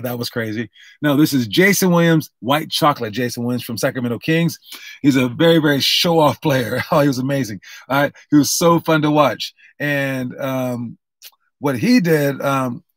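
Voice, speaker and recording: A man's voice: mid-range voice, no echo, clean studio sound. A young man coaching basketball drills in a casual, rambling, upbeat way, full of fillers and restarts. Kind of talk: casual instructional talk.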